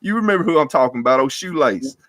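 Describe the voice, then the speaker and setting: A man's voice: mid-range voice, expressive, fast talker, a bit bright, no room sound. A man co-hosting a sports show, ranting in a fired-up, profane way about a rival team. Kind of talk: heated sports rant.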